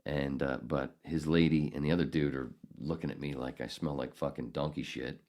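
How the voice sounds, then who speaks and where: A man's voice: extremely low pitch, steady tone, normal speed, a little mellow. An older man hosting a podcast, telling a rambling, profane story in a casual, ranting way. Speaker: podcast host.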